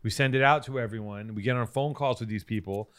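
Bright-voiced man cohosting a podcast. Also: medium pitch, smooth. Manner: profane, storytelling, quick to mock. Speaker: podcast co-host. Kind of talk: casual banter.

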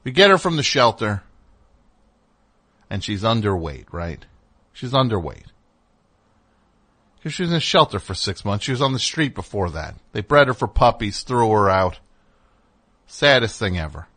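A man's voice: lowish voice, sing-song, normal speed, pauses often, bright, forceful tone. A man hosting a comedic call-in radio show, ranting in a rambling, indignant way.

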